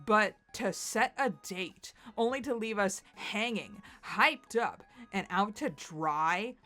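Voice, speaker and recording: A woman's voice: mid-range voice, animated, takes it slowly, sharp tone, faint music behind. A woman voicing an anxious, melodramatic young man in a dramatic webcomic read-aloud. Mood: fretful. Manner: fretful and melodramatic.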